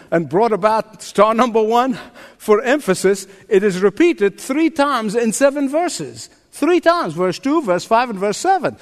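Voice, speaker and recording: An older man preaching a sermon as pastor, emphatic and drawing responses from the congregation. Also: very high voice. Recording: long reverb of a large hall.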